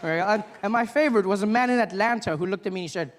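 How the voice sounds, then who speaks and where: With a high voice and rapid-fire delivery, a man in his thirties tells animated stories and acts out voices in a stand-up routine. He's on stage before a live audience in a large hall, with slight background noise.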